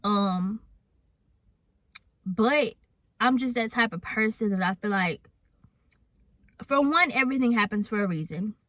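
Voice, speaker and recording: A woman's voice: medium pitch, lively intonation, a little slow, long pauses, a bit bright, no echo. Candid young woman vlogging, dry sound. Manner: candid and chatty, addresses viewers directly. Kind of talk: casual storytime vlog.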